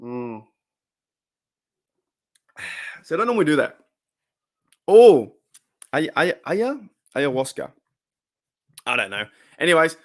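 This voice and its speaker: An Australian man in his thirties hosts a fan livestream, his voice fairly high and fairly bright. He chats with viewers in a loose, laid-back ramble, often repeating himself.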